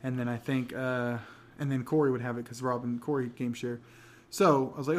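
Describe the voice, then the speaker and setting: A man's voice: medium pitch, steady tone, a little fast. A man co-hosting a casual gaming podcast, rambling with many restarts and frequent laughs. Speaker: podcast co-host.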